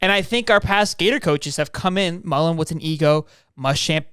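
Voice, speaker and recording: A young man co-hosting a casual sports podcast, animated and joking, laughing often. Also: fairly high pitch, normal speed, smooth, no echo, studio quality. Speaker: podcast co-host.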